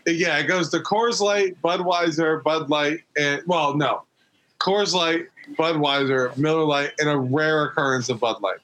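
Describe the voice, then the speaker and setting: A man co-hosting a podcast in casual chat, recapping a story in rambling, halting bursts with many restarts. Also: on the high side, fairly even intonation, a bit bright, rough recording. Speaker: podcast co-host.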